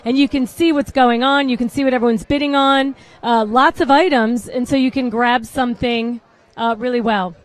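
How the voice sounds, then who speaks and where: A woman's voice: fairly high pitch, steady tone, normal speed, no echo. A woman hosting a live red carpet pre-show, chatty and easily distracted as she talks to the camera. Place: red carpet at a salon event.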